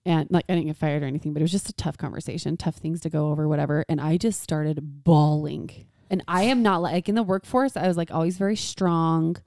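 A woman in her thirties co-hosting a casual parenting podcast, animated and laughing often as she acts out what people said. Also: low-pitched, fairly quick, hardly any pauses, dry recording. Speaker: podcast co-host. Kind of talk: casual chat.

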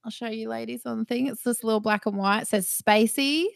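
A woman's voice: fairly high pitch, a little fast, vocal fry, no echo, clean studio sound. A woman co-hosting a casual chat podcast, frank and crude, often giggling. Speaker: podcast co-host.

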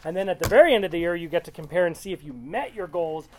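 A woman's voice: lowish voice, fast, darkish tone, slight background noise. A woman leading a small-group Bible study, reading verses aloud and explaining them in a loose, conversational way.

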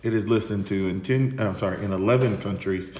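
A man hosting a podcast, talking in an animated, theatrical way that slips into a preacher-like cadence. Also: fairly low pitch, brisk, echoey room. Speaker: podcast host. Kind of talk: casual podcast chat.

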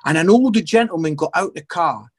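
A man, an evangelist and comedian, telling his faith story in an interview as an animated storyteller with many restarts. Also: on the high side, a little fast, breathy edge. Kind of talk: personal testimony in an interview.

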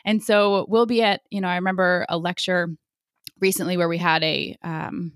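A woman's voice: lowish voice, moderate pace, no echo, studio quality. A woman in her forties, a sports medicine physician, speaks candidly as an interview guest, telling stories with lots of fillers. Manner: candid, animated, frequent fillers.

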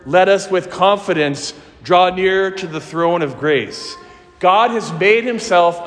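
A man preaching a sermon as a priest, earnest and emphatic, with slow, deliberate phrasing. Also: sits high. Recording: long church reverb.

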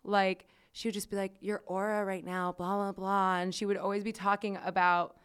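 A woman's voice: mid-range voice, flat delivery, moderate pace, fairly bright tone, clean tone. A woman podcast host telling a story in casual chat, chatty and swearing freely, with lots of "like" fillers.

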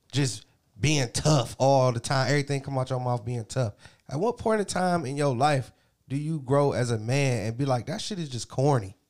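A man co-hosting a casual podcast, talking earnestly and profanely about growing up as a man. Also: medium pitch. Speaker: podcast co-host. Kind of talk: casual chat. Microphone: studio mic.

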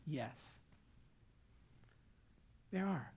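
A male pastor preaches with a high, lively voice that climbs and dips across a wide range. His tone carries a gravelly edge. He moves from hushed asides to shouted lines and chats familiarly with the congregation. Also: moderate pace. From Mexican heritage, raised in the US. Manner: folksy, conversational with the congregation. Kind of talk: sermon.

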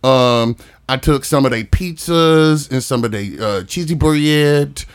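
A man's voice: fairly high pitch, unhurried, clean tone. A young man casually telling a funny story on a podcast, laughing often as he talks. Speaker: podcast co-host.

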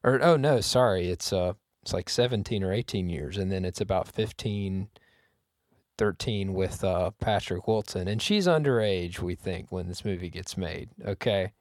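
A man with a lowish voice hosts a casual podcast chat, making wry jokes and wandering through his points. The sound is dry and close, with no room around it. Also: normal speed, darkish tone, dry recording. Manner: wry, joking, slightly rambling. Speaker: podcast host.

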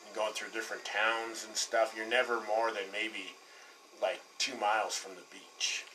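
A man's voice: lowish voice, flat delivery, normal speed. Podcast co-host, man from Colorado, rambling casual storyteller, swears easily, a little off-mic. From Colorado, USA. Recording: distant mic, faint background noise.

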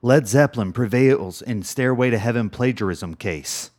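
A man's voice: mid-range voice, normal speed. A middle-aged man co-hosting a podcast, chatting casually and telling rambling, joking stories. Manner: rambling, joking, lively storytelling. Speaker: podcast co-host. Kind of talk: casual chat.

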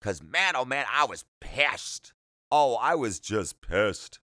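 A man's voice: mid-range voice, sing-song, slow pace, pushed and bright, no room sound. A man hosting a solo podcast, rambling in a chatty, self-deprecating way with jokey asides, speaking close to the mic. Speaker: podcast host.

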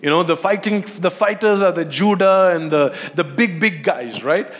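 Guy preaching a sermon, kinda high voice, lots of "right?" and questions to the crowd, big echoey hall. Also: moderate pace, a bit bright. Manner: rhetorical questions, checks in with listeners. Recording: long hall reverb.

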